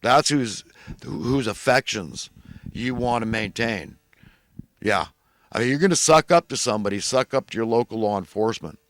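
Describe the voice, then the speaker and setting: A man's voice: mid-range voice, animated, moderate pace, a bit bright, no echo. A man delivering a rambling, indignant monologue that turns preachy as he goes. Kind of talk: ranting monologue.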